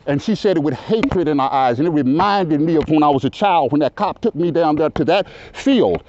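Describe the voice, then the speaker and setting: A local resident in his fifties tells his story in casual conversation, talking loudly and rambling, circling back with "you know what I'm saying." His voice is high for a man, animated and brisk, recorded in dull lo-fi audio with slight background noise.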